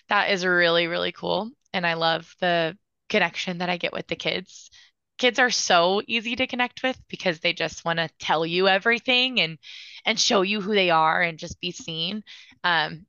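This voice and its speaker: Bright, smooth-voiced woman music therapist. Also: mid-range voice, no room sound, dull audio. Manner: earnest, enthusiastic storytelling. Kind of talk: casual interview answers.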